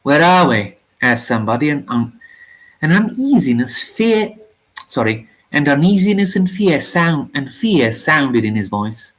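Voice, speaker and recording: A reader narrating a grim war novella aloud in a measured, somber way. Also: medium pitch, sing-song, poor audio. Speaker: reader of a story channel.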